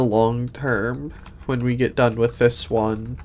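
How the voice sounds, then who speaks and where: A man's voice: medium pitch, level tone, takes it slowly. A sleepy man streaming a game in casual commentary, rambling and thinking aloud with many restarts. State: sleepy, yawning.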